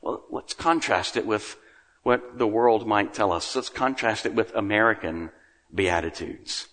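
A man's voice: fairly low pitch, a little slow. Preaching man in a reverberant hall. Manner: earnest preaching, rising emphasis then dropping to quiet. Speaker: pastor. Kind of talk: sermon. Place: church sanctuary. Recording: long reverb of a large room.

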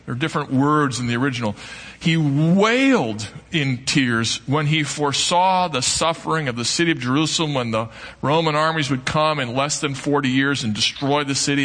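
A man preaching a sermon to a congregation, earnest and emphatic, with dramatic pauses. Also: fairly high pitch, fairly bright tone, in a large hall. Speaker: pastor. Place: church sanctuary.

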